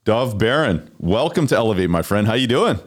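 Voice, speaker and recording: A man's voice: fairly low pitch, very animated, brisk. A man hosting a podcast, introducing his guest and asking questions in an enthusiastic, motivational manner. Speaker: podcast host.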